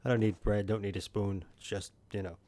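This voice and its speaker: A man's voice: lowish voice, flat delivery, a little fast, warm tone. A man streaming a video game from home, joking and rambling as he chats with his viewers by name. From New York. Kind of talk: casual gaming stream chat.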